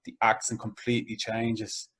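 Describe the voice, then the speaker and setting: A man's voice: lowish voice, completely flat delivery, normal speed, fairly bright tone, breathy edge. A young man with a Dublin inner-city accent, talking casually as an interview guest with many fillers like "like" and "you know". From Ireland.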